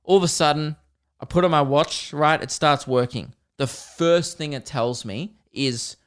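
A man's voice: fairly high pitch, measured pace, a bit bright, clear, resonant tone. A young man hosting a solo podcast, ranting with lots of swearing and bursts of laughter. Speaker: podcast host.

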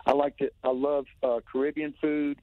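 A man's voice: on the high side, level tone, normal speed, no echo. A man from Tennessee with a Southern accent, calling in to a radio interview and talking in a rambling, enthusiastic way full of restarts. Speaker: touring musician guest calling in. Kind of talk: casual phone interview. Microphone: telephone. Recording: tinny phone line, dry.

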